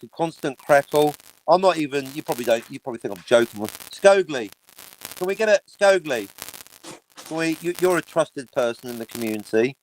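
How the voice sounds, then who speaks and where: A man's voice: a little high, slight background noise, poor audio. Sarcastic ranting man. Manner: sarcastic, ranting, swears freely. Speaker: livestream host. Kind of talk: casual livestream chat.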